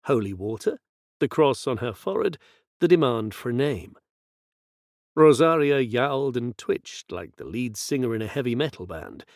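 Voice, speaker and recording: A man narrating an audiobook in slow, expressive storytelling. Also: medium pitch, no echo, clean studio sound. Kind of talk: scripted narration.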